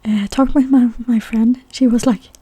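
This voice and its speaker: A young woman from Sweden chats in a breathy whispered role-play between bites of food, her nose stuffed up. Her voice sits a little high and sounds dark and mellow. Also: fairly even intonation, normal speed. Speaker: mukbang ASMR creator.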